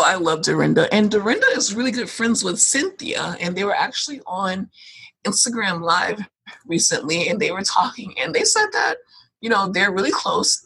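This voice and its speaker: Chatty young woman, husky voice. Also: medium pitch, sharp tone, rough recording. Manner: chatty, laughs often, quick asides. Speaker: podcast co-host. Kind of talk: casual chat.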